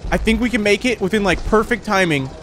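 A man commentating a horror game, jumpy and excitable, with quick exclamations and frequent laughs. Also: sits high, a little hiss or hum. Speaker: gaming commentator.

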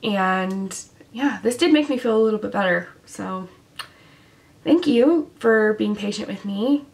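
A woman's voice: medium pitch, expressive, measured pace, creaky, darkish tone. A young woman with a sick voice casually reviewing makeup, chatty and full of fillers. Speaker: beauty vlogger.

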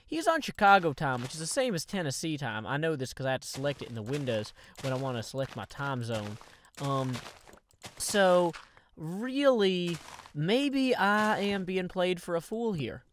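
A man's voice: a little high, very animated, moderate pace, a bit bright, dry recording. A man hosting a Minecraft video, giving casual gameplay commentary full of playful, rambling asides to his viewers.

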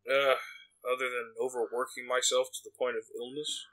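A man's voice: medium pitch, level tone, fairly quick, pushed and bright, rough recording. A man co-hosting a podcast in casual chat, laid-back and mostly giving short replies. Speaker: podcast co-host.

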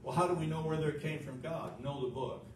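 Male pastor, emphatic sermon delivery; higher-pitched, recorded far off in an echoey church. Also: fairly even intonation, brisk, a little mellow. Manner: emphatic preaching with rhetorical questions. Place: church sanctuary. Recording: echoey room, distant mic, noisy.

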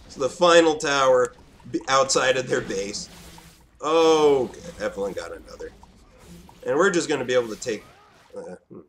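A man casually commentating his own online match, excitable, swinging between low muttering and sudden shouts. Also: slight background noise.

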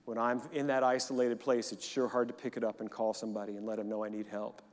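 A man's voice: medium pitch, flat delivery, fast. A man preaching a sermon to his congregation, leading them in call-and-response. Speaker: pastor. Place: church sanctuary during a service. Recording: long hall reverb in a church.

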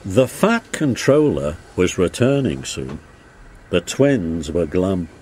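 Man, storybook narrator, slow pace, animated intonation, soft background music. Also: deep voice, slight background noise. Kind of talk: storybook read-aloud.

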